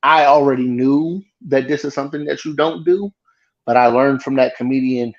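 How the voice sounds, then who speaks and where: A man, a guest comedian, telling a story in casual chat with lively, freely swearing delivery. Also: mid-range voice, moderate pace, lo-fi sound. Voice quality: animated retelling, swearing freely.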